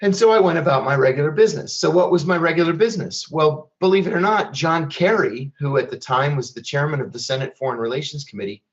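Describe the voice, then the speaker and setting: A middle-aged man giving a speech, telling his story in a measured, deliberate way with wry asides. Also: on the high side, muffled recording. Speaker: speaker at a public event.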